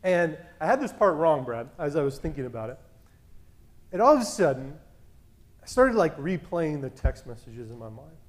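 A man in his thirties casually telling a story as a podcast co-host, animated and acting out the dialogue in a loud voice that carries. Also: a little high, normal speed. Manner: animated, acts out quoted dialogue.

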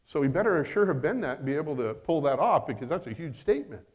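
A man with a high, light voice delivers a sermon. He swings between loud emphatic bursts and quieter asides, tossing out rhetorical questions and slowing right down on the phrases he wants to land. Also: very animated. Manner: emphatic, rising and falling dynamically with rhetorical questions; slows down to stress key phrases. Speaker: preacher.

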